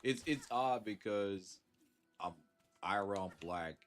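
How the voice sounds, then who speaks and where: A man with a lowish voice and a Southern US accent takes his time as he chats casually on a live stream. Congested from a sinus infection, he stays laid-back, chuckles frequently, and thanks the people in chat.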